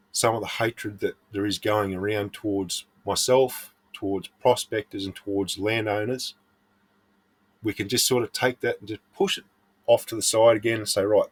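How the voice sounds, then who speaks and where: A middle-aged Australian man, a prospecting vlogger, giving earnest, blunt advice in a casual monologue. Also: lowish voice.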